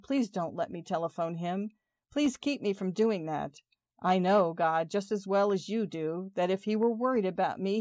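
A woman's voice: mid-range voice, darkish tone, no echo, clean studio sound. A woman giving a dramatic reading of a monologue in an anxious, pleading, intensely emotional voice.

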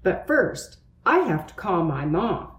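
A woman voicing a goofy young boy who is excitable and easily scared, in a read-aloud storybook. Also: lowish voice, slow pace, roomy sound. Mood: easygoing.

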